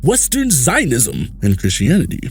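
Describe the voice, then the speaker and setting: A man's voice: mid-range voice, wildly swooping pitch, normal speed, vocal fry. A man hosting a comedic podcast, rambling through his topic with crude jokes. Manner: rambling, crude and jokey, slipping into silly voices and laughs. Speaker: podcast host.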